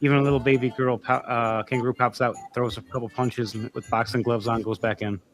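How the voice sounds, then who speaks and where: A man narrating as game master of a tabletop game, animated and halting with fillers. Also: mid-range voice.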